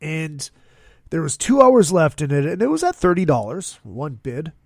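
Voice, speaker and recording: A man's voice: on the high side, very animated, moderate pace, gravelly, darkish tone, no echo, clean studio sound. A man hosting his own podcast, talking casually in an upbeat, rambling way with plenty of fillers. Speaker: podcast host. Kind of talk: casual solo podcast monologue.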